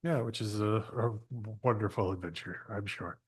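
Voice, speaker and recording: A man's voice: lowish voice, normal speed, breathy edge. A man hosting an interview, asking friendly, long, two-part questions. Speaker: podcast host, interviewer. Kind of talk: casual interview.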